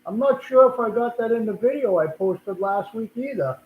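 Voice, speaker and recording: An older man with a Boston accent rambles through a casual livestream chat, often repeating and restarting his words. His voice sits fairly high for a man. The sound is thin and phone-like, with a lot of room echo. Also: moderate pace. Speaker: livestream host. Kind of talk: casual live stream chat.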